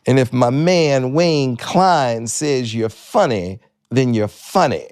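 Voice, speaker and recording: A man doing an impression of a famous male sitcom comedian, with a drawn-out, laid-back delivery. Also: medium pitch, lively intonation, a little mellow, no echo, clean studio sound, voice pushed up. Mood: cocky.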